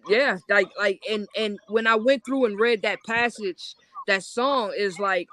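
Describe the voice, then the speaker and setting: A poet performing spoken-word verse in a rhythmic, intense delivery, breaking into a high, drawn-out sung chorus, then chatting plainly about the piece. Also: fairly bright tone. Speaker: poet guest.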